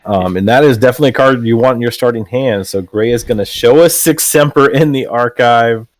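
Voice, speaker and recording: A man co-commentating a card game match in a relaxed, casual way, explaining the plays. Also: medium pitch, a little fast, no echo.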